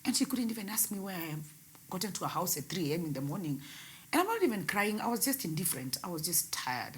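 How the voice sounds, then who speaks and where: A young woman telling her painful personal story in an interview, her voice swinging between loud outbursts and hushed words. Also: fairly low pitch, sing-song, fast. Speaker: guest, radio host.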